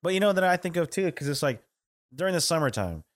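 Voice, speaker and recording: A man's voice: fairly high pitch, big pitch swings, fast. A man co-hosting a podcast, telling crude stories with lots of swearing and laughter. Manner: profane, storytelling, laughs often. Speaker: podcast co-host. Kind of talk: casual crude chat.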